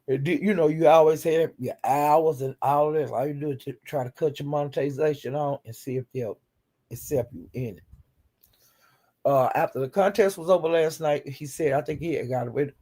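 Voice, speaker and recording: A man with a mellow, slightly high voice hosts a casual chat. He recaps livestream drama bluntly, gossiping in a chatty way.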